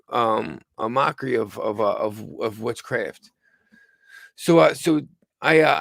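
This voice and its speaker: A tired man under the weather hosts a rambling live-stream news show from home, talking haltingly with many stumbles and restarts. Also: medium pitch, creaky, dry recording. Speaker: host of a livestreamed news show.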